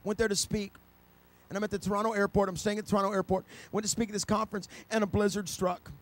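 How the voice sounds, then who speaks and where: High-voiced passionate man preaching. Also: flat delivery, fast talker. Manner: storytelling preacher, builds to loud passionate climax. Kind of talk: sermon.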